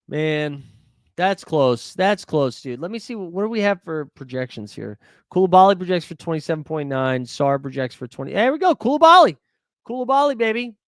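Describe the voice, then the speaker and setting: A man hosting a live fantasy sports stream, chatting casually and excitably with viewers by name while thinking aloud over his picks. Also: a little high, moderate pace, dry recording, studio quality.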